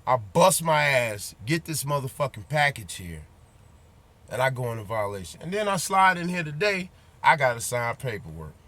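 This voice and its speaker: A man's voice: mid-range voice, very animated, moderate pace, bright, forceful tone. A man who drives trucks, ranting bluntly and profanely to his viewers in a casual vlog, repeating his points and speaking straight to them.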